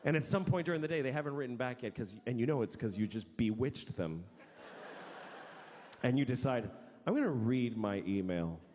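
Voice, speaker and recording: A man's voice: mid-range voice, fairly quick, a little mellow. A man doing a stand-up comedy set, swearing freely and acting out the voices of the people in his stories. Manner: profane, acts out quoted voices. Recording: long hall reverb, faint noise.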